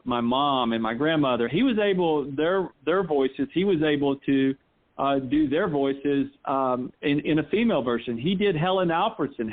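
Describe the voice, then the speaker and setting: A man from North Carolina, a golf instructor guest chatting casually in an interview and rambling with frequent restarts. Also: a little high. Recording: tinny phone line.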